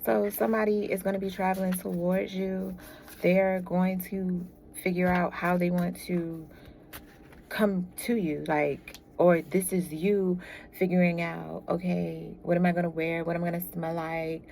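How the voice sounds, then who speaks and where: A woman's voice: fairly low pitch, flat delivery, measured pace, vocal fry, darkish tone, slight background noise. A woman giving a casual tarot reading, chatty and laughing often as she talks to viewers. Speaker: tarot reader.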